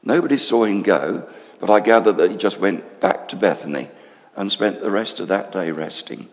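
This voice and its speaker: An actor playing a male temple council member, telling a friend in confiding, animated storytelling what he has seen. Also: low-pitched, moderate pace, big-room sound. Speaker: storyteller in character. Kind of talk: dramatic monologue.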